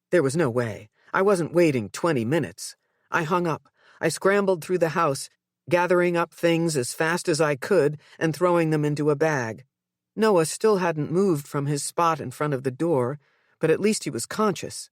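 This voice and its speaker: A woman narrating a psychological thriller audiobook in the first person, with tense, measured storytelling. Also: low-pitched, dry recording, clean studio sound.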